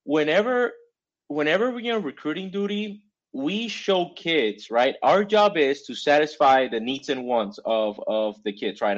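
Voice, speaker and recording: A man's voice: on the high side, lo-fi sound. A man, a Marine and former recruiter, explaining his point in casual chat, stressing words and checking in with "right?".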